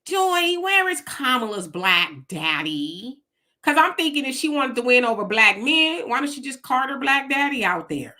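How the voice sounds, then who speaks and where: A woman's voice: high-pitched, sing-song, normal speed, pushed and bright. A woman hosting a live-stream political commentary, talking emphatically and mockingly, firing off rhetorical questions. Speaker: host.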